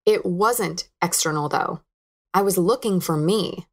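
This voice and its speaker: A woman's voice: lowish voice, measured pace. A woman in her thirties, hosting a podcast, telling a candid, reflective personal story. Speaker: podcast host.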